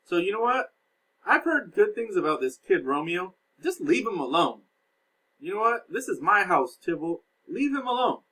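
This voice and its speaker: A stern older lord of the house, as a teacher puts him on, his voice raised high and loud as he lays down the law. He sounds commanding and emphatic, reading from an old play in a classroom recap. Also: big pitch swings, moderate pace, exaggerated voice, rough recording. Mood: scolding.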